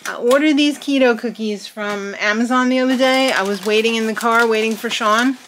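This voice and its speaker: A young adult woman giving a casual, chatty vlog update, upbeat and quick to laugh. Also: on the high side, fairly bright tone, slight background noise. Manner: chatty, upbeat, laughs often, many fillers and restarts. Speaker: vlogger host.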